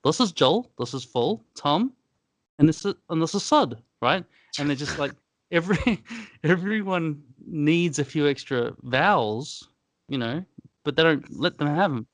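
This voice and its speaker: A man's voice: a little high, lively intonation, a little slow, no echo. Joking man, dry close sound. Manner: jokey, swears, mimics accents. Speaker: podcast co-host. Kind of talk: casual banter.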